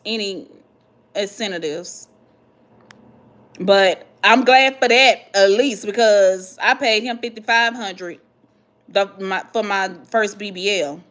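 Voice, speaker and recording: A woman hosting a vlog, chatting casually and reading viewer comments, animated and dramatic with slangy asides. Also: mid-range voice. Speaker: vlog host answering viewer questions.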